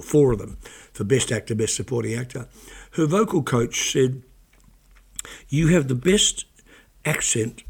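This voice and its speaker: A man's voice: medium pitch, gravelly, a little mellow, slightly rough. A middle-aged man telling showbiz anecdotes in casual chat, often repeating words as he starts a sentence. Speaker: guest.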